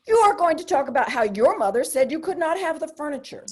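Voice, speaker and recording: An older woman delivers a comedic solo stage monologue in a high voice that leaps around. She is wry and confiding and lands punchy asides. Her tone swings from sly to exasperated. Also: very animated, fast, a little mellow. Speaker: solo theater performer.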